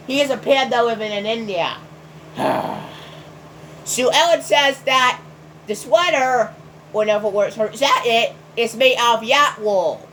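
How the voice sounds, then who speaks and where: A woman ranting in a review video, exasperated and sighing heavily between sentences, breaking into indignant shouts. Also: a little high, lively intonation, takes it slowly, pauses often, slight background noise, low-quality recording.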